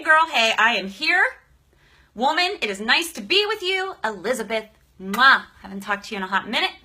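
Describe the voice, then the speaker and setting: Bright, effusive woman live-streaming. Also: a little high. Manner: effusive, greets viewers by name. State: emotional, shaky. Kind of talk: casual live stream chat.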